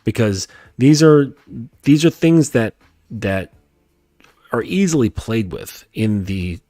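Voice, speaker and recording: A male dating coach giving a calm, emphatic coaching talk, repeating his points and often checking in with "okay?". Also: medium pitch, slow, no room sound, clean studio sound. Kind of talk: lecture-style coaching talk.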